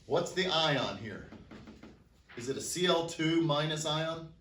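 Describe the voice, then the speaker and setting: A high school chemistry teacher whose voice sits on the high side speaks expressively and unhurriedly, with a slightly bright tone. He quizzes the class and answers himself, recorded from afar in an echoey classroom with some hiss or hum.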